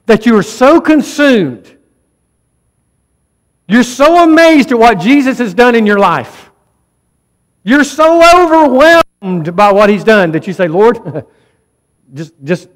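A man's voice: high voice, in a large hall. A man preaching a sermon as pastor, speaking emphatically and often urging the congregation directly. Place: church sanctuary.

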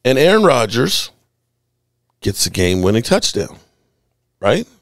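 Sports podcast host, male, indignant and animated, unhurried delivery, dry close sound. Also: mid-range voice, creaky, dry recording. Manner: animated, indignant, repeats himself. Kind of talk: ranting sports commentary over game clips.

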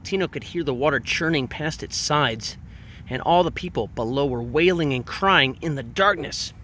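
A man's voice: a little high, lively intonation, normal speed, pushed and bright, slight background noise. A man reading a picture book aloud, drawing out the big words for dramatic emphasis. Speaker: reader. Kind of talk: storybook read-aloud.

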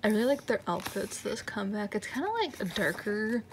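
A young woman in a casual unboxing chat, excited and gushing, often dropping to a whisper. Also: mid-range voice, moderate pace, noisy background. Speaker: unboxing vlogger. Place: room at night, indoors.

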